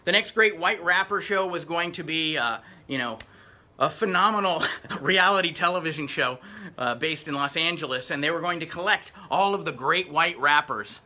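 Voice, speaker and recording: A man's voice: on the high side, normal speed, pushed and bright. A middle-aged man, a rapper chatting upbeat between songs during a live-streamed performance. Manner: chatty, upbeat stage patter.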